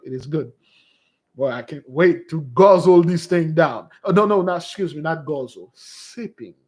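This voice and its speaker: A man talking casually to his followers as a spiritual fasting leader, exhorting them and calling them beloved, with rambling asides. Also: on the high side, darkish tone. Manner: exhorting, calls listeners beloved.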